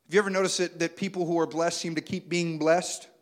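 A man, preaching a sermon that swings between loud urging and quiet, intimate passages. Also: a little high, steady tone, fast talker. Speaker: pastor.

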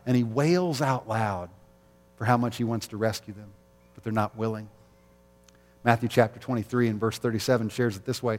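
A man's voice: mid-range voice, darkish tone, big-room sound. A man preaching an Easter sermon as pastor, conversational, with rhetorical questions and light jokes.

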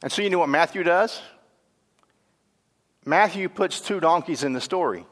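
A man preaching a sermon, lively and conversational, moving between animated questions and hushed, grave passages. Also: fairly high pitch, moderate pace, in a large hall. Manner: self-correcting, laughs at own stumbles.

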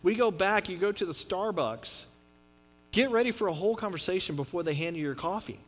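A man's voice: high voice, expressive, fairly quick. A middle-aged male pastor from Texas preaching a sermon in a conversational, rambling way, with frequent restarts and asides. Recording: long hall reverb with mains hum.

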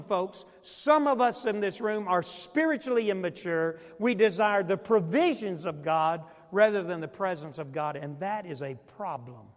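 High-voiced preaching man in a reverberant church. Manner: call-and-response preaching, repeats phrases. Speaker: pastor. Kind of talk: sermon. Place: church sanctuary.

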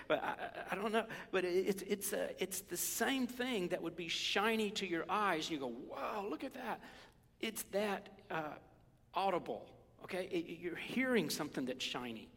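A man preaching a sermon in a conversational, animated way, sometimes dropping to a whisper. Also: on the high side, in a large hall. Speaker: pastor.

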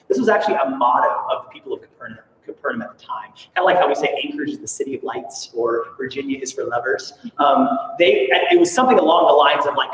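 A male pastor from Alaska preaching a sermon with an animated, playful manner and sarcastic asides. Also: on the high side, quick pace, a little hiss or hum. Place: church sanctuary. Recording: echoey hall, from far off.

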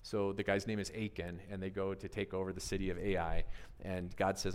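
A man preaching a conversational sermon, animated and always asking his listeners questions. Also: low-pitched, fairly quick, clear, resonant tone. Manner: animated, asks the audience questions, often adds "right?". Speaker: pastor. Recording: long reverb of a large hall.

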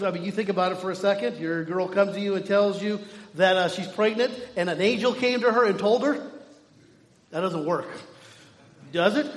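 A man's voice: sits high, roomy sound, in a large hall, low-quality recording. A man preaching a sermon in a conversational way, acting out the people in his story. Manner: conversational preaching with acted-out quotes. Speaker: pastor.

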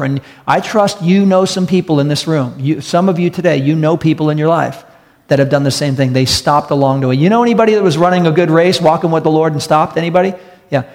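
A man preaching a sermon to a congregation, earnest and storytelling, repeating key phrases for emphasis. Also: on the high side. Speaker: pastor. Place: church hall with audience. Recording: long hall reverb.

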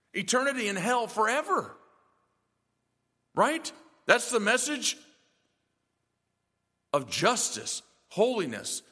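Pastor guy preaching hard, lots of rhetorical questions, high voice, echoey church hall. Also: sharp tone. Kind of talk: sermon.

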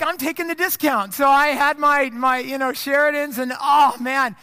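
A pastor from the of America, a man with a very high voice, tells a self-mocking story from the pulpit. His sound is bright and forward. He chats with the congregation in a loose, casual sermon. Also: fairly even intonation, moderate pace, few pauses.

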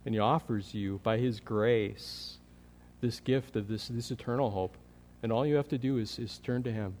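A man preaching a sermon as pastor, earnest, building in energy and then dropping to a quiet, prayerful tone. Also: mid-range voice, moderate pace, a little hiss or hum. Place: church sanctuary. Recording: long hall reverb.

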